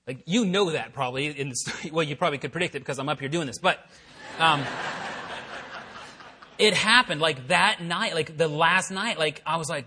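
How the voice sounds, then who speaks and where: A man preaching, telling a personal story in a chatty, animated way and acting out the voices he quotes. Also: a little high, normal speed, slightly rough. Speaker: pastor. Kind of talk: sermon storytelling. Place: church worship center.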